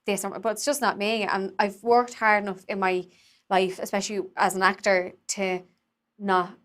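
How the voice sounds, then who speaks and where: Woman, dublin accent, young adult, flat intonation, loose filler-heavy talk. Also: medium pitch, moderate pace. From Ireland. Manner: rambling, many "like" fillers. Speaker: guest theatre maker. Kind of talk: casual conversation.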